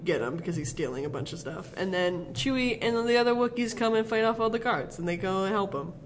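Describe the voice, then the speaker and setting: A man's voice: high voice, lively intonation, quick pace, slight background noise, poor audio. A man co-hosting a podcast, rambling through a film recap in casual chat and laughing often. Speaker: podcast co-host.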